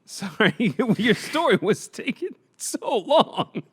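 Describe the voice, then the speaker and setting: A man's voice: high voice, big pitch swings, slow pace, breathy edge. A young man co-hosting a comedy podcast, teasing his partner and laughing often in casual chat. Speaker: podcast co-host.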